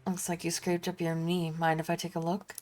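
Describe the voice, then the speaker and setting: A woman's voice: lowish voice, monotone, fairly quick, darkish tone, soft background music, lightly acted. A woman voicing a kindly young male traveling apothecary with a put-on Southern drawl, reading game dialogue aloud. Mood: reassuring. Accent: put-on American Southern. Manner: folksy, reassuring drawl.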